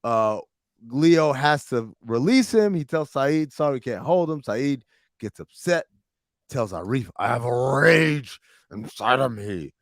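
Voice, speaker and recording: A man recaps TV episodes on a podcast, profane and animated, acting out the characters' lines as he goes. His voice sits at an ordinary middle pitch. The sound is dry and close, with no room around it. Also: unhurried, no echo. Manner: profane, animated storytelling with quoted dialogue. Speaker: podcast host recapping a TV series. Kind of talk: casual recap chat with friends.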